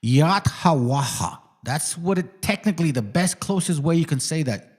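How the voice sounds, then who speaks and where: A man in casual livestream chat, explaining a pronunciation by repeating it slowly, loose and swearing. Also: on the high side, animated, a little mellow, breathy edge. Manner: loose, cursing, repeats words slowly to demonstrate.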